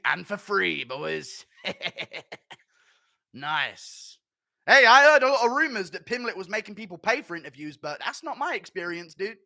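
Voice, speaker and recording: A man's voice: on the high side, sharp tone, dry recording. A man ranting in casual commentary, profane and mocking, often laughing at his own jokes. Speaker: MMA commentator and streamer.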